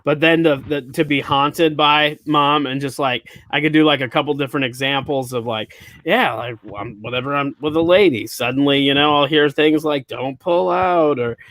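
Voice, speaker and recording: A man's voice: on the high side, fairly even intonation, moderate pace, fairly bright tone, dry recording. A man hosting a comedy podcast, riffing on jokes in casual chat and laughing often.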